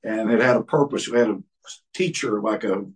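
A man's voice: fairly low pitch, normal speed, slightly rough, distant mic, poor audio. A man in casual discussion, talking hesitantly and searching for words. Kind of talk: casual chat.

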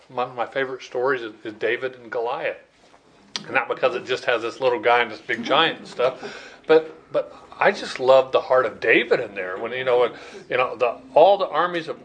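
Man preaching in a halting, conversational way. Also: mid-range voice, slightly rough, rough recording. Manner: conversational preaching with many restarts and repeated words. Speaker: pastor. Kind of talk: sermon.

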